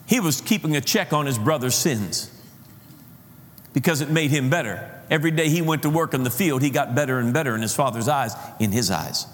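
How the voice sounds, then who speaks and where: A man's voice: medium pitch, brisk. A man preaching a sermon with passion, calling out questions to his congregation. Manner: impassioned, calls out to the congregation. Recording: reverberant hall.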